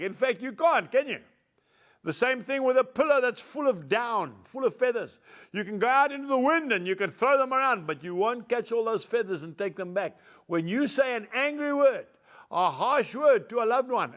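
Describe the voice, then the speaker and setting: A man with a naturally loud voice delivers a devotional sermon and reads scripture aloud. He speaks in a fairly high register with an emphatic, folksy manner, addressing his listeners directly as folks. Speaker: preacher.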